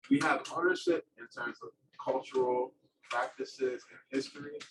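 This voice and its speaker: A man on a discussion panel, speaking in a reflective, animated way about working with young people. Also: mid-range voice, normal speed, creaky, echoey room. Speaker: panelist, community youth worker. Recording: distant mic with room noise.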